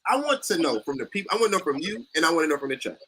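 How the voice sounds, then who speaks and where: A man's voice: a little high, very animated, very fast, pushed and bright, a little hiss or hum. A man co-hosting a podcast, arguing casually with slangy, argumentative talk. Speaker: podcast co-host. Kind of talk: casual debate.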